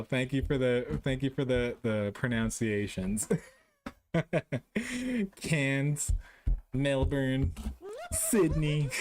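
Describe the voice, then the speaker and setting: A young man chats casually on a live stream, his delivery slow and easygoing. He pokes fun at himself and keeps breaking into laughter as he plays along with his viewers. His voice sits at a middle pitch. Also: a little hiss or hum. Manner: jokey, self-mocking, laughs often. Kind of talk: casual live-stream chat while playing a guessing game.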